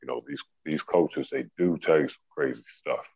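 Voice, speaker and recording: A man's voice: very deep voice, moderate pace, creaky, husky, no echo, heavily acted. A man voicing a strict father who firmly lectures his teenage son, in a stern voice. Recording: tinny phone-line sound.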